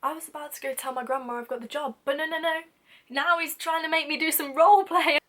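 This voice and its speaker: A young woman chats through an embarrassing story in a lively, casual voice, slipping into little acted lines as she goes. Her voice sits a touch higher than most women's. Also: fast talker. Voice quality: lively, acts out quoted lines with sudden whispers and laughs. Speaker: vlogger.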